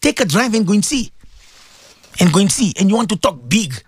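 A man's voice: high voice, sing-song, brisk, breathy edge. A South African man presenting a religious radio show, preaching fervently to his listeners and repeating his points. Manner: fervent, repetitive, exhorting. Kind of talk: impassioned radio sermon.

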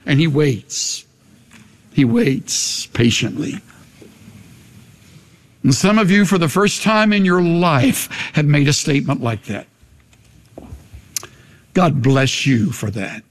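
A man's voice: a little high, animated. An older man, a pastor, preaching a sermon and leading an altar call in a large church. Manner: impassioned preaching with long pauses. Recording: long hall reverb.

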